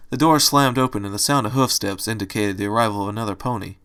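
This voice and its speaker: A man reading a fan fiction story aloud in a steady storytelling manner. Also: fairly low pitch, fast talker, clean tone. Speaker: storybook reader.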